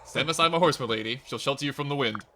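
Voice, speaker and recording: A man's voice: medium pitch, sharp tone, a little hiss or hum, pitched below the performer's own voice, lightly acted. A man reading as a loyal formal knight. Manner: formal, measured wording. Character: steadfast loyal male knight retainer. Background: game music.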